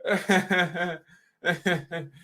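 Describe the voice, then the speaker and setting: A man hosting his own fan channel in an excited, rambling vlog, laughing often as he talks. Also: sits high, extremely slow.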